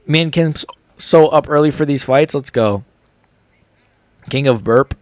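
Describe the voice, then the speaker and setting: Young male streamer with hiccups, casual slangy chat, close dry mic, mid pitch. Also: normal speed, long pauses, a little mellow, no room sound. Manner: reads chat aloud, laid-back slangy banter. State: has the hiccups. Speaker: streamer reacting live to fights.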